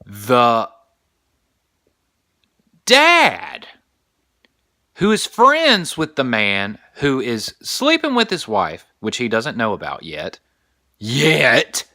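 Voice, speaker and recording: A young adult man hosting a podcast, telling a story in a casual comedic monologue, animated and crude. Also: medium pitch, very slow, long pauses, no room sound, studio quality. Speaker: podcast host.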